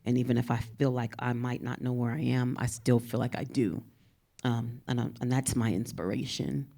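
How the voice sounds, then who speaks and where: A woman's voice: rumbling low, steady tone, moderate pace, gravelly, warm tone. A poet from San Antonio speaking with a Texan twang, a woman chatting on a panel in a rambling way and laughing often. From San Antonio, Texas. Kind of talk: casual panel talk.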